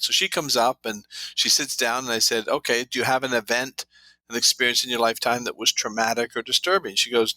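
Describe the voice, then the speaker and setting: A man's voice: medium pitch, sharp tone, dry recording, poor audio. A man guest on an interview show, an author who tells anecdotes full of quoted dialogue. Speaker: guest, trauma therapy author. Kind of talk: storytelling interview talk.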